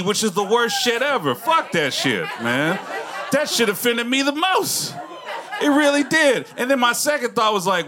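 A man in his thirties doing a stand-up comedy set, swearing a lot and laughing through his own jokes. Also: high voice. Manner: profane, laughing, animated storytelling. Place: comedy club stage. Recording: noisy club recording.

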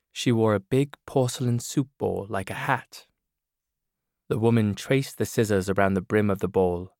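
A man narrating a novel in a measured first-person reading. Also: on the low side, gravelly, dry recording. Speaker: audiobook narrator. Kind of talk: scripted narration. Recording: dry studio booth.

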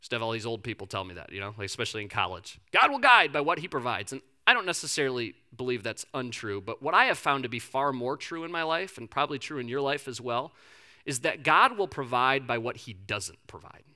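A male pastor preaching a sermon in a conversational, animated storytelling manner. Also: medium pitch, a little fast.

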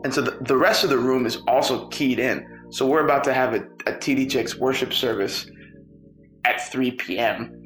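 A man's voice: medium pitch, normal speed, roomy sound, faint music behind. A man narrating a heartfelt personal story, acting out the dialogue as he tells it. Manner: earnest, animated storytelling with quoted dialogue.

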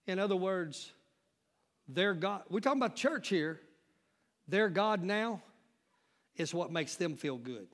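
A man preaching a sermon as pastor, calling out to the congregation and building up to shouts. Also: high-pitched, animated, normal speed, long pauses.

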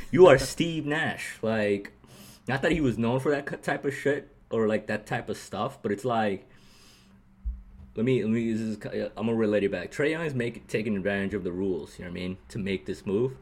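A man with a husky, somewhat low voice co-hosts a basketball podcast. He rambles in an animated way and laughs often. He keeps checking in with his partner as he talks. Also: brisk. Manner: rambling, animated, laughs often, repeats "you know what I mean". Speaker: podcast co-host. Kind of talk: casual sports chat.

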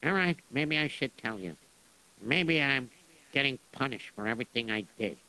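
A man's voice: medium pitch, lively intonation, normal speed, sharp tone, low-quality recording. A man telling a story in a radio drama in a rambling, casual way.

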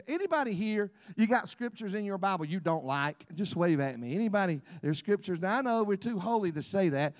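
A middle-aged man preaching a sermon, telling folksy stories punctuated by amens and laughter. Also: high voice. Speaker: pastor. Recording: long reverb in a large church.

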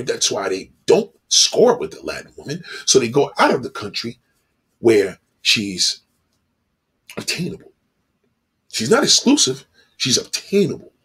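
A man delivering a blunt, profane monologue, animated and acting out the people he talks about. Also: medium pitch, breathy edge.

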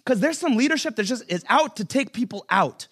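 A man with a strikingly high voice preaches to a church congregation in a loose, joking way. His tone is bright and forceful, and he keeps swinging between casual asides and emphatic, shouted points. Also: animated, a little fast. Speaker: pastor. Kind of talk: humorous conversational sermon. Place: church service.

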